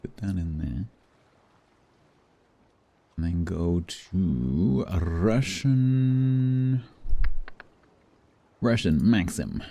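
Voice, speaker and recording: Male streamer, deep and warm, animated, chatty, thinking aloud while gaming. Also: drawn-out words, creaky, long pauses. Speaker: game streamer. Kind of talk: casual live-stream commentary.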